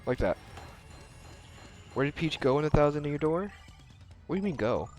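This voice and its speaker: A man's voice: on the high side, lively intonation, moderate pace, a little mellow, faint music behind. Chatty young man streaming a game. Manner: chatty, answers chat, reads dialogue aloud in voices. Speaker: streamer playing a video game. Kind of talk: casual live-stream commentary.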